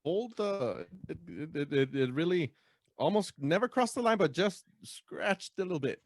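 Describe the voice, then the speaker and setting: An easygoing man co-hosting a podcast who mostly answers in short replies and stumbles through restarts. His pitch rises and falls a lot and sits a touch high, and the sound is close and dry. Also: lively intonation, normal speed, no echo. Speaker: podcast co-host. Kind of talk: casual chat.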